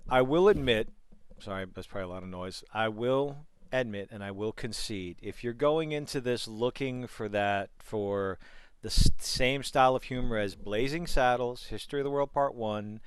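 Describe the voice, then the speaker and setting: A man co-hosting a casual podcast chat over a headset, talking in animated, profane bursts with lots of restarts. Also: mid-range voice, normal speed, clear, resonant tone, no room sound. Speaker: podcast co-host.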